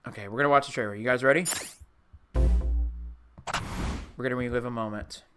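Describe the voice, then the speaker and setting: Young male streamer, mid-pitched, emotional and rambling, chatty with his viewers, music playing underneath. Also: normal speed. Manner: emotional, rambling, addresses chat as dude. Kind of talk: casual live-stream chat. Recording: clear music playing behind.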